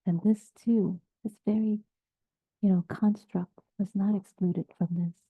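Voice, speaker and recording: A woman meditation teacher giving a dharma talk in a gentle, halting way, often dropping to a near-whisper. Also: mid-range voice, steady tone, husky, dry recording. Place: meditation group session, also on video call. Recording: tinny phone-like sound.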